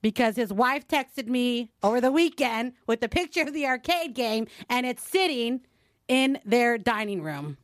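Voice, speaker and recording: A woman radio co-host telling a story in a brisk, chatty way, quoting messages aloud. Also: a little high, animated, dry recording, studio quality. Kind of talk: casual storytelling.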